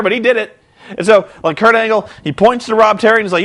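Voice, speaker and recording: A man's voice: high voice, fast talker, a bit bright. A young man recapping a show in a rambling, incredulous, sarcastic way. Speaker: vlogger.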